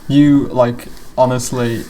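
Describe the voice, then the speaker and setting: A man's voice: mid-range voice, slow pace, a little hiss or hum. Man chatting loosely over his video. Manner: relaxed, rambling, swears freely. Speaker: commentator on his own video. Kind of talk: casual chat.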